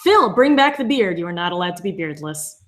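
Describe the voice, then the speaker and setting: A woman's voice: on the low side, big pitch swings, a little fast. A woman co-hosting a fan show, chatting casually and reading viewer comments aloud. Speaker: podcast co-host.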